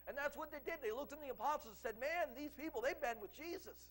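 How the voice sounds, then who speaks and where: A man's voice: very high-pitched, fast talker, fairly bright tone. A man preaching a revival sermon, fervent and repetitive, quoting scripture at length.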